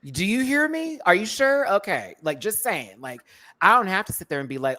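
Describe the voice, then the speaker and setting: Brief: woman host, deep low register, sassy, talks in acted-out quotes. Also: brisk. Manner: animated, sassy, acts out quotes. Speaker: show host. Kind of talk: casual panel chat.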